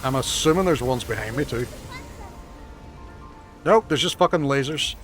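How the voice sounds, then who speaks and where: A man's voice: medium pitch, expressive, moderate pace, pauses often, fairly bright tone, soft background music. A man, commentating his live gameplay and bantering profanely with chat. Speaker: gaming streamer.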